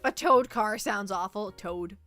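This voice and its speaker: A woman streaming as a VTuber, chatting casually in a rambling, animated way and reacting to her chat. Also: mid-range voice, a little slow, no room sound, faint music behind. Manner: rambling, animated storytelling, reads chat aloud.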